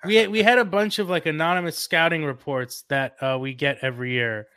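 A man with a fairly high voice guesting on a sports podcast. He talks in an easygoing way and hedges with fillers. The sound is dry and close. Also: steady tone, brisk, bright, forceful tone, clean tone, no echo. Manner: laughs easily, hedging with fillers. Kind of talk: casual podcast interview.

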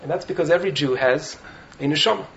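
The speaker is a rabbi giving an energetic Torah talk to students in a yeshiva study hall, his voice on the high side, slightly raised, and quick. He often pauses to check in with a "right?". Audio quality is muffled and lo-fi, with faint noise.

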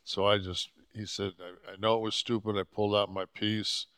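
A man co-hosting a podcast into a studio mic, with a deep voice, rambling and cursing often as he chats casually. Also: flat delivery, moderate pace, a bit bright, smooth, dry recording. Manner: rambling, swears often, restarts a lot. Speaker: podcast co-host. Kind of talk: casual profane chat. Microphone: podcast microphone.

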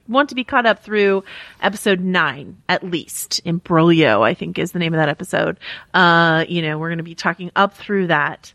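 A woman's voice: fairly low pitch, a bit bright, no room sound. A woman hosting a podcast in casual chat, talkative and laughing, with lots of fillers. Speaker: podcast host.

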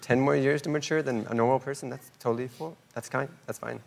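A man in his twenties, a grown son appearing as a talk show guest, who talks calmly and defensively. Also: mid-range voice, fast, gravelly, a little hiss or hum. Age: 20s. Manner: calm, defensive, flat.

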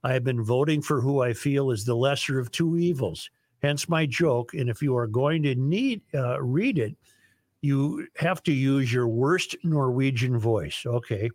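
A man hosting a talk radio show, reading listener emails in a relaxed, chuckling way with halting restarts. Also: medium pitch, no echo.

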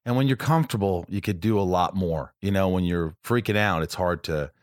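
Low-voiced man, dry close sound. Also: fairly quick, no room sound. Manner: chatty, acts out quoted voices. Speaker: actor, podcast co-host. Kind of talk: casual conversation.

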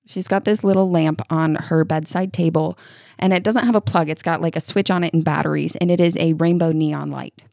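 Expressive woman podcast co-host, dry sound. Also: low voice, vocal fry, no room sound. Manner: expressive storytelling with quick restarts. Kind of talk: casual chat.

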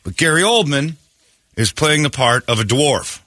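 A man's voice: fairly high pitch, animated, normal speed, pushed and bright, dry recording. A man hosting a morning radio show, telling a story in a joking, laughing way. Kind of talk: casual radio banter. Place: radio studio.

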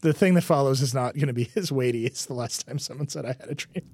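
A man hosting a tech podcast in casual chat, animated and joking as he spins mock-grand plans. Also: medium pitch, fast. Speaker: podcast host.

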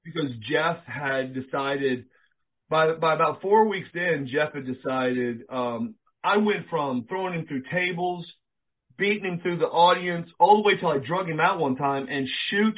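Male interview guest, lively raconteur who plays out every quote; slightly high pitch, thin phone-line audio. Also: normal speed. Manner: animated storyteller, acts out quoted dialogue, swears casually. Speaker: interview guest, former pro wrestler. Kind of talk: casual storytelling interview.

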